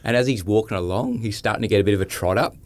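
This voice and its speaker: A man's voice: fairly low pitch, very fast. An Australian man telling a funny anecdote, laughing at his own tale. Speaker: regular storyteller. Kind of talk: animated anecdote.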